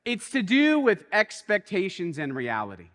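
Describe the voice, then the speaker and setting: A man preaches a sermon, his voice high and bright. He tells a story animatedly, dropping quiet and then rising with excitement. A long reverb from the church hall trails behind him. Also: moderate pace. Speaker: pastor.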